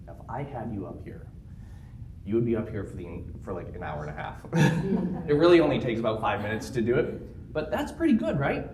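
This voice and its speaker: A man giving a keynote talk to a live audience, telling stories in an animated way and joking along the way. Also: mid-range voice, fairly quick, slight background noise. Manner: animated storytelling with jokes. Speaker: keynote speaker. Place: conference room. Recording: roomy conference room sound.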